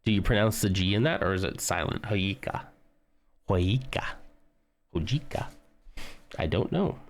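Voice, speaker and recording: A man's voice: lowish voice, lively intonation, a little fast. A man casually chatting with viewers on a live stream while building a model kit, rambling and humming tunes as he works.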